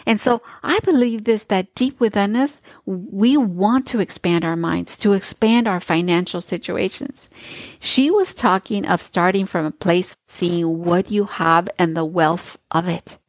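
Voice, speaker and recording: A woman's voice: mid-range voice, unhurried, no echo. A woman host reading a book aloud and then commenting on it with gushing enthusiasm.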